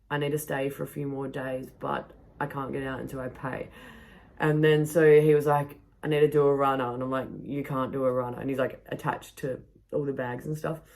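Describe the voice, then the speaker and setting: A woman with a notably low voice hosts her own podcast and tells a chaotic travel story in a loose, casual way. She is animated, laughs often and swears freely, and she records from a home backyard. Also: gravelly. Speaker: podcast host.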